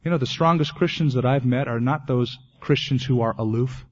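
Male pastor, mid-pitched, earnest sermon delivery, lo-fi 1980s tape sound. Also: brisk. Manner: earnest preaching, ending in a quiet prayer.

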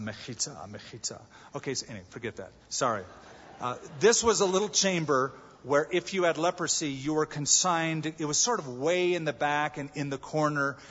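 Male pastor, sermon, slightly high voice, breathy; dull recording in a big reverberant hall. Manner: animated preaching, acting out voices and shouts. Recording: dull, echoey large hall.

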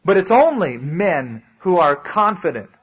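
A male pastor teaches a sermon in a loose, conversational way, stopping often to explain. His voice is a little high and husky. The recording has a dull, lo-fi sound. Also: very animated, measured pace. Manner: conversational, explains with asides and acted quotes. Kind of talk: sermon, verse-by-verse Bible teaching.

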